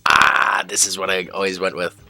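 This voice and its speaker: A man giving casual, rambling commentary while playing a racing game, breaking off to react loudly whenever he crashes. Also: low voice, animated, normal speed, slightly rough. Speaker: gaming channel host. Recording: game music behind voice. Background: game music and engine sounds.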